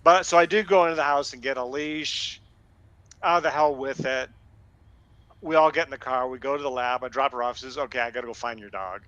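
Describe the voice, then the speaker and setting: A man's voice: medium pitch, fairly quick, sharp tone, no room sound, muffled recording. A man co-hosting a podcast, telling an anecdote in a blunt, profane, casual way. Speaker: podcast co-host. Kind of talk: casual storytelling. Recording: dry close sound.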